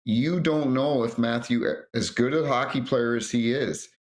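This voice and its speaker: A man's voice: mid-range voice, a little slow. A middle-aged man, a retired referee, telling anecdotes on a podcast and acting out quotes with frequent restarts. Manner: animated storyteller, acts out quotes, frequent restarts. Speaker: retired hockey referee guest.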